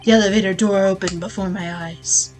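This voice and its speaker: A woman's voice: medium pitch, fairly even intonation, a little fast, a little mellow, faint music behind, pitched below the performer's own voice, close to an everyday voice, poor audio. A woman voicing a ruthless, vengeful old male prosecutor who bellows threats. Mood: grim, brooding.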